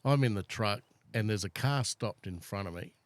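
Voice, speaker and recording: Australian host, middle-aged, low voice, dry close sound, swears a lot, chatty. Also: male voice, moderate pace, no room sound. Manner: blunt, swears freely, chuckles while telling stories. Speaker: podcast host. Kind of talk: casual chat over beers.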